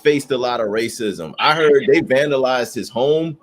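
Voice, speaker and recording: A man hosting a casual sports podcast, speaking in a measured, explanatory way. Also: medium pitch, a little hiss or hum. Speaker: podcast host.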